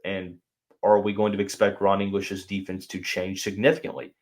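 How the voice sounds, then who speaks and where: A man's voice: low voice, monotone, moderate pace. A young man hosting a sports podcast, chatting casually and thinking aloud with fillers and restarts. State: has the hiccups. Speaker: podcast host.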